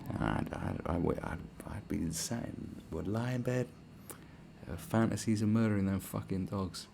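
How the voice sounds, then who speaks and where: A man's voice: sits low, lively intonation, normal speed, creaky, darkish tone, a little hiss or hum. A man hosting a podcast, delivering a crude, sarcastic solo rant full of swearing and mocking put-on voices. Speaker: podcast host. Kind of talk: ranting monologue.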